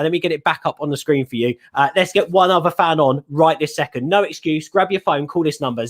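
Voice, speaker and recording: A man hosting a live call-in stream, upbeat and urgently urging viewers to ring in. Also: on the high side. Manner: upbeat, urgently rallies callers. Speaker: host of a fan call-in stream.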